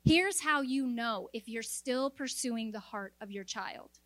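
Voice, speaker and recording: A middle-aged woman delivers a sermon in a fairly high voice, earnest and exhorting. The sound is dry and close, with no room echo. She slips in quick joking asides between her points. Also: a bit bright. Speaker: preacher. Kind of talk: sermon to a women's audience.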